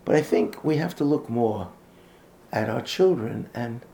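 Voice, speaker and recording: A man giving an earnest, halting talk on raising children in a religious community. He restarts often, sprinkles in Yiddish and Hebrew words, and drops almost to a whisper to stress a point. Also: mid-range voice, lively intonation, vocal fry, mellow, slight background noise. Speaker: speaker on Jewish education. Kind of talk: informal talk or lecture.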